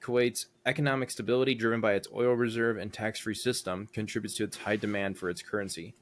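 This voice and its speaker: Young male podcast co-host, low voice, easygoing rambling delivery. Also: steady tone, fast talker. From United States. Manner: rambling, thinks aloud with many fillers. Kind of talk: casual chat.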